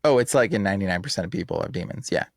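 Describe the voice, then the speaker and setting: A man talking in a casual podcast interview, emphatic and animated, full of slang like "bro" and "like". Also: low-pitched, racing, dry recording, studio quality. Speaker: exorcist guest.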